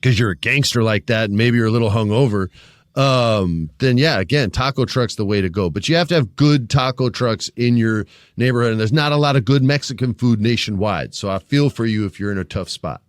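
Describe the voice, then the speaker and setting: A man co-hosting a podcast in relaxed, casual chat, calling people dude and bro. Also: medium pitch, fairly quick, no echo, clean studio sound. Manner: laid-back, says dude and bro. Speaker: podcast co-host.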